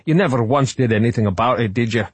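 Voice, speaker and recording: A man's voice: medium pitch, fast talker, breathy edge, dry recording, pitched above the performer's own voice, natural voice. A man voicing a blunt, dubious male museum official who lectures his colleagues sternly.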